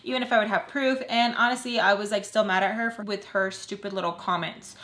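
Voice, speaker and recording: A young adult woman vlogger telling a personal story in an animated, emphatic way, full of fillers and the odd swear word. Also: medium pitch, brisk. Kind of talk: storytime chat.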